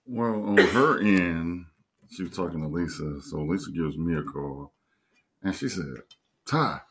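A man's voice: a little slow, noisy background. A young man co-hosting a couples podcast, telling a story in a casual way and acting out other people's voices. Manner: animated, acts out other voices in a high pitch. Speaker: podcast co-host.

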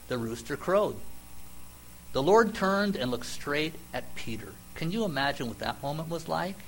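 A man's voice: a little high, a bit bright, slight background noise, rough recording. Earnest conversational man preaching. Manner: conversational, emphatic storytelling with dramatic pauses. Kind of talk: sermon.

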